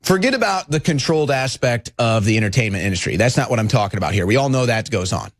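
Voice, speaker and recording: A man hosting a talk radio show, delivering a fired-up political monologue that rises to shouts. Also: mid-range voice, expressive, fast, dry recording.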